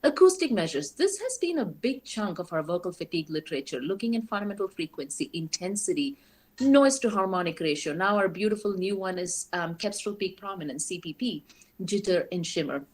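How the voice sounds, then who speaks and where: A woman with a somewhat low voice lectures on a technical subject. She explains step by step and keeps the listeners engaged with frequent rhetorical questions. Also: animated, brisk, a little mellow. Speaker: guest lecturer. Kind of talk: academic lecture.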